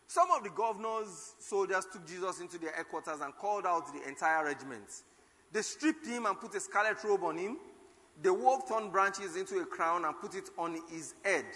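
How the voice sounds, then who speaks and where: A male preacher delivers a sermon, reading scripture with dramatic force and crying out the quoted lines. His voice sits high and sounds bright and forceful. A long reverb trails behind him, as in a large hall.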